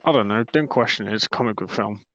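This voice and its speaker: A man's voice: on the low side, a bit bright, no room sound. A young man co-hosting a casual chat, joking and swearing freely. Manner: joking, swears freely, does silly voices. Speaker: podcast co-host.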